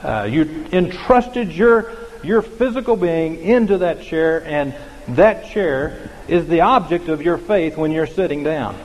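A man's voice: a little high, lively intonation, a little slow, in a large hall, rough recording. A man preaching a sermon as pastor, in a conversational way with many fillers and restarts.

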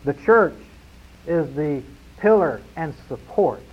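A man preaching a sermon to his congregation, emphatic, slowing down and falling quiet on key phrases. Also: a little high, lively intonation, breathy edge. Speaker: pastor. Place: church sanctuary. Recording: dull lo-fi sound.

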